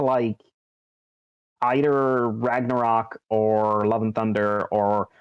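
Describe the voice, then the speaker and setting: A male podcast co-host with a medium-pitched voice chats casually and rambles, full of ums, likes and restarts. The recording sounds dull, lo-fi and dry, with no room sound.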